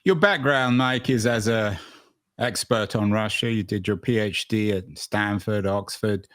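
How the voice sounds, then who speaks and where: A man's voice: lowish voice, measured pace, fairly bright tone, no room sound. Man, podcast host, long winding questions, dry close sound. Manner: rambling, qualifying questions with "shall we say". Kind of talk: interview questioning.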